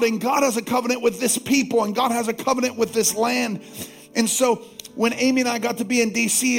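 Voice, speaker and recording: A male pastor preaching a sermon, calling out to the congregation for responses and slowing down to stress scripture. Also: very high voice, creaky, fairly bright tone. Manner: slows down to stress scripture lines.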